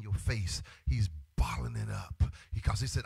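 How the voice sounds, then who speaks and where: A male pastor preaching an impassioned sermon in church, dropping to a hush and rising to sung, shouted cadences. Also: lowish voice, sing-song, moderate pace, creaky, few pauses, breathy edge, dry recording. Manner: swings from hushed to shouted, chants phrases in sung cadence. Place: church sanctuary.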